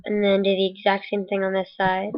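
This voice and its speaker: A woman's voice: mid-range voice, completely flat delivery, fairly quick. A woman casually narrating a game building tutorial in voice-over, rambling and correcting herself as she goes, with the hiccups. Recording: dull lo-fi mic.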